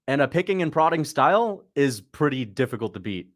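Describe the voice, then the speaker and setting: A man hosting a casual livestream, reacting to a fight as it happens and talking to his chat, breaking into excited shouts at big moments. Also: medium pitch, a little fast, few pauses. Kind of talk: casual live commentary.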